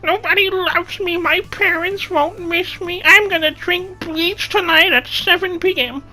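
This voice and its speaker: A man's voice: extremely high pitch, steady tone, unhurried, bright, forceful tone, voice pushed up, exaggerated voice, poor audio. A man mocking a whiny melodramatic teenager. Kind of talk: mocking impression in a vlog rant.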